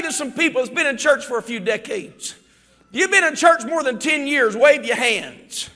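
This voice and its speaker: Pastor, male, piercing bright high voice, shouting sermon, long church reverb. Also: animated, normal speed. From Ohio. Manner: fervent preaching, rising to shouts, dropping low.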